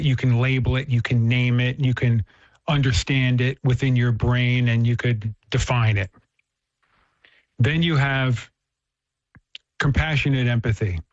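Man, earnest storyteller, casual talk, middle pitch, restarts phrases, dull lo-fi dry recording. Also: no echo.

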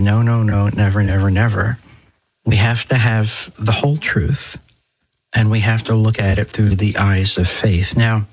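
Husky-voiced middle-aged priest. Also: male voice, fairly low pitch, rough recording. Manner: conversational and digressive, with folksy exclamations. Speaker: Catholic priest and show host. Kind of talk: podcast talk.

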